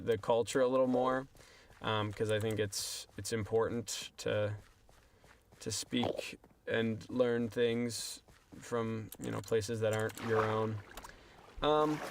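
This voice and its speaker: Gravelly young man rambling to chat. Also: medium pitch, noisy background. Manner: rambling, self-deprecating, talking to chat. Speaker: livestreamer. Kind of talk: casual gameplay stream chat.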